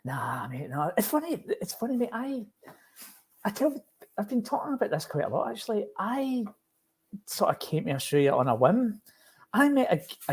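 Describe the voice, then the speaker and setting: A man's voice: a little high, husky. A man with a Glaswegian Scottish accent, a podcast guest in casual chat, jokey and laughing, tripping over and repeating his words. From Scotland. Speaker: podcast guest, safety coach.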